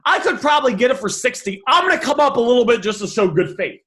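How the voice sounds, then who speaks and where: A man teaching negotiation by walking through message examples, animated and thinking aloud with quick restarts. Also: very high-pitched. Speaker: negotiation coach.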